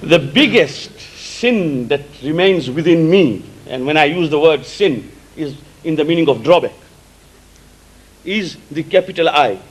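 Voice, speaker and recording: A male preacher whose first language is Gujarati, giving a sermon in an emphatic way, repeating key words and explaining terms slowly. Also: on the high side, expressive, husky, rough recording. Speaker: religious preacher.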